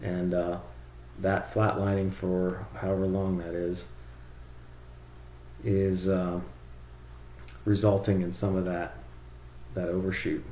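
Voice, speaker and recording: A man's voice: low voice, flat delivery, slow, long pauses, a little mellow, roomy sound, slight background noise. A man casually talking through a screen-share tutorial, rambling and thinking aloud with fillers. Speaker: drone tuning reviewer.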